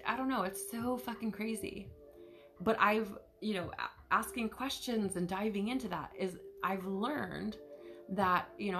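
A woman hosting a podcast, talking candidly in a casual spiritual monologue, chatty, full of fillers and casual swearing. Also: fairly low pitch. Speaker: podcast host.

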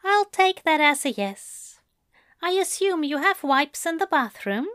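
A woman reading fan fiction aloud, voicing a gentle, doting male angel who speaks softly and tenderly. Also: high-pitched, big pitch swings, measured pace, no echo, clean studio sound, voice pushed up, exaggerated voice. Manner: soft, coaxing, affectionate.

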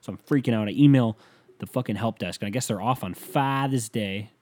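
Leaning on his mic in a bedroom, a young man hosts a podcast alone and rambles through an exasperated, profane rant packed with swearing. His pitch is fairly low, his pace a little fast, and his tone a little mellow.

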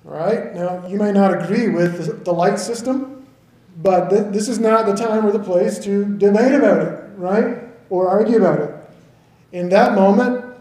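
A man's voice: sits high, dark tone, roomy sound, low-quality recording. A man in his thirties from the American South, preaching a conversational sermon and often checking in with the congregation. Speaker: pastor.

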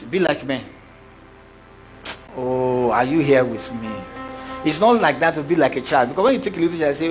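A man's voice: a little high, normal speed, long pauses, soft background music. A middle-aged man preaching a sermon, questioning his congregation and acting out little scenes. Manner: animated preacher, asks the congregation questions, acts out voices. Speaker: pastor.

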